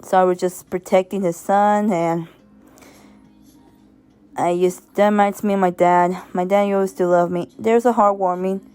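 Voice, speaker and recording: A woman's voice: mid-range voice, fairly even intonation, a little slow, warm tone, clean tone, soft background music. A woman giving a casual, rambling spoken review, stumbling and restarting often and laughing as she goes. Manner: sentimental, laughs while talking. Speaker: video reviewer.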